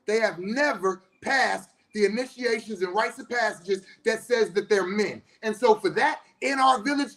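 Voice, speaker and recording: Aave-speaking counselor guy going off, cussing, passionate, gets loud. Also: very high voice. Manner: passionate, blunt, heavy swearing, rising to shouts. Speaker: spiritual teacher and counselor. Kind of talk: impassioned profane monologue.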